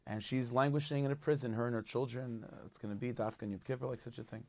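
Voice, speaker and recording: A man telling a story as a rabbi, lively and animated, mixing Yiddish and Hebrew words into his English. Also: medium pitch, quick pace. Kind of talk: spoken storytelling.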